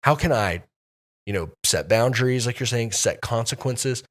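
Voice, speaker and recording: A man co-hosting a church podcast, talking casually with many restarts and pauses. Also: medium pitch. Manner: hesitant, many restarts and fillers. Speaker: pastor and podcast co-host.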